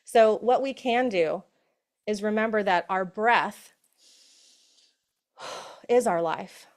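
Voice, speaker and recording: A middle-aged woman giving a conversational motivational talk, often asking "right?" and slowing into soft, hushed affirmations. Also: mid-range voice. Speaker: summit speaker. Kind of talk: motivational talk on breath and safety.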